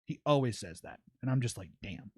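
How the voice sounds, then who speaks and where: A man on a podcast who talks in a quick, lively rush, jumping into other people's voices as he tells a story. His voice sits in a middle pitch. The room sounds dry and close. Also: no room sound. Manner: fast, animated storytelling with swearing and quoted voices. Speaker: podcast host and streamer. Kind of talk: casual chat.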